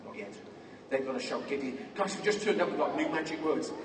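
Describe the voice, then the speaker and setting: A man's voice: a little high, animated, fairly quick, recorded from a distance. A man performing a playful children's magic show on stage, joking with a young helper and yelping in mock pain. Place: large theatre stage before a crowd. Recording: roomy hall with loud crowd, miked from afar.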